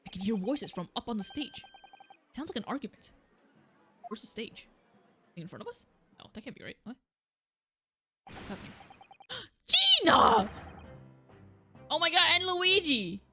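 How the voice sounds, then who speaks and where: A woman's voice: medium pitch, very animated, normal speed, long pauses. A young woman streamer giving casual, scatterbrained commentary while playing a game and reading lines aloud. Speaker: let's play streamer. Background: game music.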